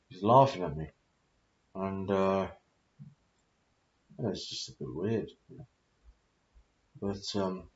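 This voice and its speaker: A man's voice: low-pitched, reverberant. A British man in his thirties, talking in a rambling, confused, confessional monologue full of swearing. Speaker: vlogger. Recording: dull lo-fi audio.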